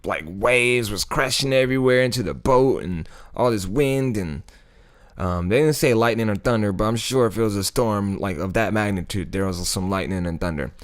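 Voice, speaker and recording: A man's voice: lowish voice, moderate pace. A man hosting a casual Bible study video, retelling the story in a laid-back, slangy way with frequent chuckles. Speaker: YouTube Bible study host.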